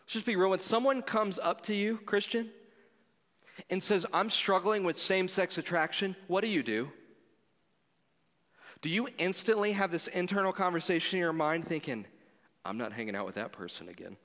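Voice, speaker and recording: A pastor preaching a sermon in a conversational way, moving between loud appeals to the congregation and quiet storytelling. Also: male voice, high-pitched, normal speed, in a large hall.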